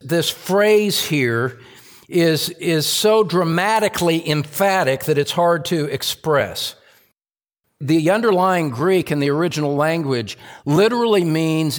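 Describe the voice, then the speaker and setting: A man preaching a sermon as pastor, emphatic, repeating key phrases and swinging from loud climbs to low, quiet drops. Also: a little slow.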